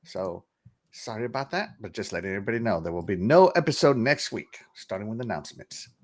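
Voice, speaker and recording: A man's voice: lowish voice, expressive, quick pace. A man hosting a casual livestream podcast, chatty and upbeat, laughing often as he greets viewers. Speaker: podcast host.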